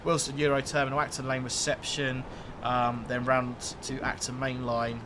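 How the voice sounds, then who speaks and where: A man's voice: medium pitch, completely flat delivery, normal speed, background noise. A man streaming a train game, chatting casually and answering viewers' questions, with frequent laughs. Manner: chatty, laughs often, reads out viewer messages. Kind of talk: casual live-stream chat.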